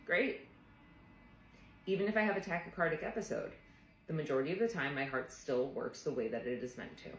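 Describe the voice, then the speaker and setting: A woman's voice: low voice, lively intonation, a little fast, long pauses, roomy sound, a little hiss or hum, rough recording. A woman therapist telling a personal story in a casual, earnest, reflective way, often saying "like". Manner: earnest, reflective, frequent "like" fillers.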